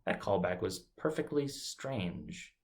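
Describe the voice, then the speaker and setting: A man's voice: low-pitched, very animated, takes it slowly. A man hosting a comedic talk show, teasing his guest in a dry, sarcastic manner. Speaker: host.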